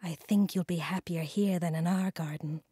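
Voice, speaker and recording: A woman voicing an eager young boy who is earnest, excitable and a bit pleading. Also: lowish voice, moderate pace, husky, no echo, clean studio sound, pitched below the performer's own voice. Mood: sulky. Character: eager young boy who loves his pet frog.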